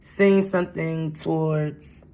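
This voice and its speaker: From Brooklyn, New York, a vlogger tells a casual storytime in a slow, warm, clean voice of medium pitch and steady tone. The telling is loose and rambling, circling back to repeat lines and leaning on slangy street talk.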